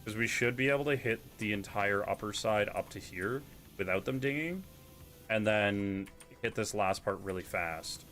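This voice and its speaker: Canadian dude streaming, lowish voice, goofy casual chat, faint music behind. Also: male voice, normal speed, a bit bright. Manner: playful, mimics accents.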